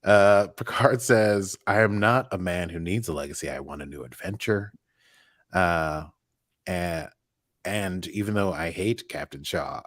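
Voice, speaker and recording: A man co-hosting a casual recap podcast, playful and quick to laugh, with mock news-anchor asides. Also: low-pitched, dry recording, studio quality. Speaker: podcast co-host.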